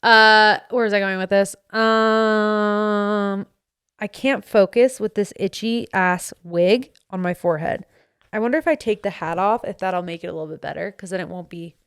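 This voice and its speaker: A woman hosting a podcast, telling a story in casual chat and acting out her friends' lines in quick put-on voices, recorded close on a studio mic. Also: medium pitch, smooth. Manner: animated, acts out friends' voices in quotes. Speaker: podcast host. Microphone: studio microphone.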